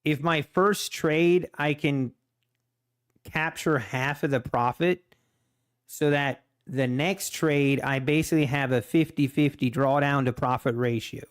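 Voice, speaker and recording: Man, livestream trader, rambling self-deprecating chat, slightly high smooth voice. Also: measured pace. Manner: relaxed, rambling, self-deprecating, chuckles often. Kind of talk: casual live-stream chat.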